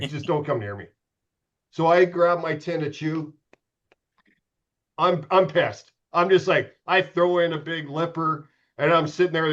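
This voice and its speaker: A man's voice: on the high side, fairly bright tone, lo-fi sound. A middle-aged man, a former pro goalie, telling candid, profane stories as a podcast guest. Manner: profane, candid, self-mocking. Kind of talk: casual storytelling.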